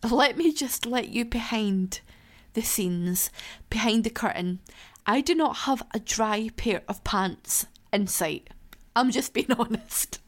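A woman's voice: on the high side, slow pace. A woman hosting her own podcast from her living room, talking in a candid, chatty way and laughing and swearing freely. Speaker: podcast host. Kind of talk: casual solo podcast chat. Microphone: laptop beside her.

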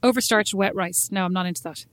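A woman chatting casually with her sister, telling animated stories and acting out the lines of the people in them. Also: mid-range voice, fast talker. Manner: animated storyteller, acts out quoted lines. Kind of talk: casual chat between sisters.

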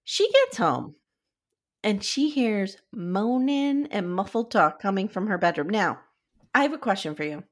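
A woman co-hosting a podcast chats casually in a medium-pitched, unhurried voice. She's an animated storyteller, recapping scenes with quoted lines.

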